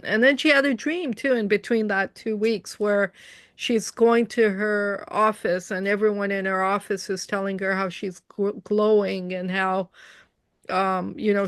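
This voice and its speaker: A woman's voice: medium pitch, no room sound, studio quality. A woman from Canada in a casual online conversation, earnestly telling stories about her spiritual experiences over a video call. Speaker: interviewer.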